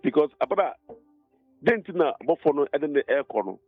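A man's voice: a little high, expressive, fast, slightly rough, no echo, faint music behind. A man with a Ghanaian accent calling into a radio show, explaining spiritual matters in an emphatic, preaching way. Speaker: caller. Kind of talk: preaching-style explanation on the phone. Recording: dry tinny phone line.

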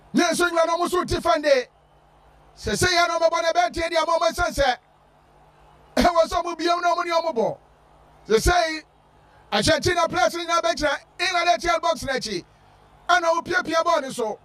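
A man giving shouted football commentary with a chanting, sing-song delivery. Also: extremely high pitch, moderate pace, pauses often, distant mic. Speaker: sports commentator.

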